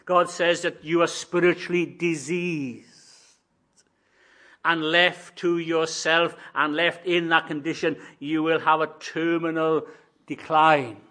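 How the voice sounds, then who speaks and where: Delivering a sermon, an older man with a slightly high, level voice speaks slowly. He shifts from hushed asides to loud, forceful proclamations and plays both parts in imagined conversations.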